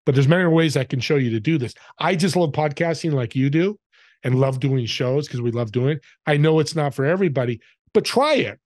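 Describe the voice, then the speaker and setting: A man's voice: on the high side, lively intonation, fairly quick, darkish tone, no room sound, studio quality. A man guesting on a podcast, telling stories in an upbeat, motivational way. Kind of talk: casual interview chat.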